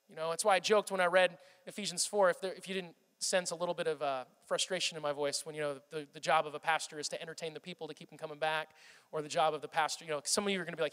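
High, bright-voiced pastor in his thirties. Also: fast, in a large hall, faint music behind. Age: 30s. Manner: impassioned, rambling with restarts. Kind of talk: sermon. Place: church hall.

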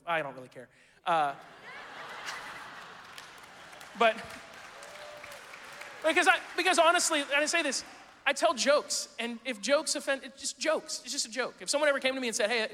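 A man's voice: high-pitched, bright, forceful tone, long reverb tail. A man preaching a sermon as pastor, casual and joking, reading scripture and adding playful asides.

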